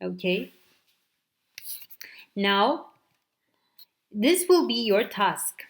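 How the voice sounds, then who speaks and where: A woman's voice: mid-range voice, expressive. A woman teacher giving a recorded grammar lesson, explaining examples step by step and often checking with "okay". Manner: slow, deliberate explaining with frequent "okay" checks. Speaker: English teacher.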